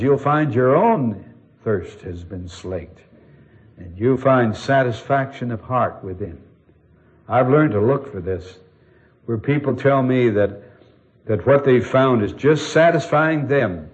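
A man's voice: mid-range voice, slow pace. Earnest preacher man, muffled recording. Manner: earnest, expressive preaching with rhetorical questions. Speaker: pastor. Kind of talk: sermon.

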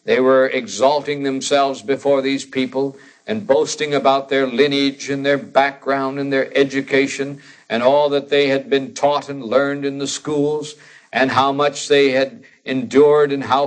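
A man preaching an expository sermon in an earnest, conversational way, rising to emphatic lines when he quotes scripture. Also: medium pitch. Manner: conversational with fillers and restarts.

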